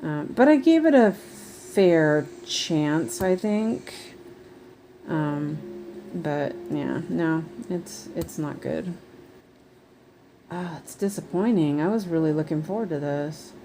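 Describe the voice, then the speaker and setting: A woman's voice: deep voice, lively intonation, slow, dark tone, slight background noise. A woman chatting casually and rambling on a live stream while she does cross-stitch. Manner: rambling, chatty, many fillers.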